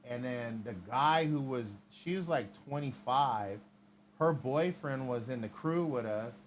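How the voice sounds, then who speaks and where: A man spins a rambling story in casual livestream chat, swearing freely and circling back on himself. His voice sits at an ordinary middle pitch, with a faint hiss behind it. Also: unhurried. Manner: rambling, heavily profane. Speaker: livestream host.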